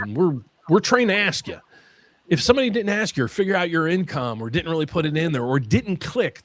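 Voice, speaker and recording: A man hosting a mortgage Q&A stream, talking in an excitable way and often repeating his words. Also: on the high side. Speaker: mortgage lender host.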